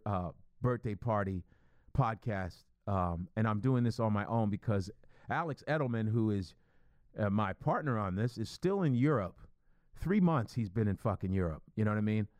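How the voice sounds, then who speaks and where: A middle-aged man hosting a solo podcast, rambling profanely in an animated, stream-of-consciousness monologue. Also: medium pitch, smooth, dry recording. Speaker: podcast host.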